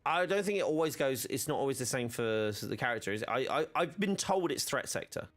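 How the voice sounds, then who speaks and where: A man's voice: medium pitch, expressive, fairly quick, a bit bright. A man streaming a video game, chatting casually with many fillers and restarts. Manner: rambling, filler-heavy, self-correcting.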